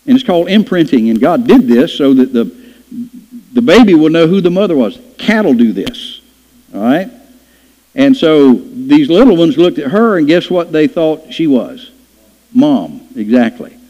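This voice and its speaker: A man's voice: a little high, mellow. A man preaching a sermon, telling folksy stories and acting out voices in them. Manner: folksy storytelling with playful acted-out voices. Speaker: pastor. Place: church sanctuary. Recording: dull lo-fi church hall recording.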